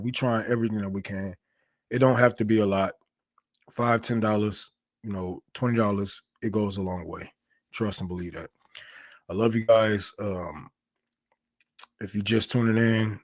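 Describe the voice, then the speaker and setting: A man with a lowish, steady voice hosts a livestream at a moderate pace with no room sound. His casual commentary rambles along, packed with slang and frequent swearing.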